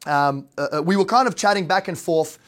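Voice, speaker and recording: A man's voice: fairly high pitch, a little fast, fairly bright tone. Rambling Australian man giving a presentation. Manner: rambling, heavy on fillers and tag questions. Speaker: real estate investor and brokerage owner. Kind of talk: casual slideshow presentation.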